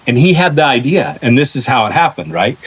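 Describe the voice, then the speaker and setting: A man hosting a podcast, telling long stories in a lively way, with many restarts and repeated words. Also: mid-range voice, fairly quick, slightly rough. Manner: animated storyteller, acts out voices in anecdotes. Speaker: podcast host. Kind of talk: casual interview chat.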